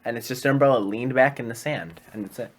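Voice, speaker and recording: A man with a mid-pitched voice chatting casually as a podcast co-host. He mostly gives short agreeing replies and drops in the odd dry joke. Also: fast talker. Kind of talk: casual chat.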